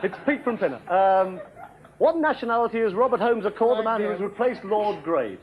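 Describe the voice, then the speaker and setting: An actor playing a flustered, chummy British quiz show host who calls contestants "my darling" and keeps apologising. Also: male voice, high-pitched, animated, brisk. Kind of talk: sketch comedy parody. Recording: lo-fi old TV tape with loud studio audience and noise. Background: loud studio audience.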